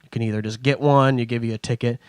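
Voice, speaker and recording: A man's voice: mid-range voice, fast talker, clean tone, no room sound. A young man casually telling rambling travel stories on a podcast, acting out other people's voices as he goes. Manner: rambling, animated storytelling with put-on voices. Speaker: podcast host. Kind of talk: casual storytelling.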